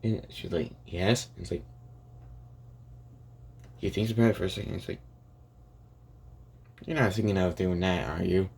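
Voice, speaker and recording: A man's voice: low voice, moderate pace, vocal fry, pauses often, darkish tone, slightly rough. A young man improvising a rambling fan story aloud, full of restarts and "and he's like" asides. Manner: rambling, many restarts and "and it's like".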